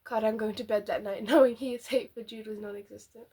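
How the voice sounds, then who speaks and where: Giggly young woman with a husky voice. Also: a little high, steady tone, brisk, mellow. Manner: chatty, giggly, rambling asides. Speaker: book vlogger. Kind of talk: casual reaction chat.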